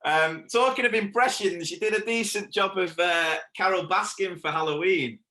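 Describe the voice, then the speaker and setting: A man's voice: high voice, moderate pace, sharp tone, reverberant. A man with a British accent co-hosting a podcast in easygoing casual chat, laughing often. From United Kingdom. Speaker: podcast co-host.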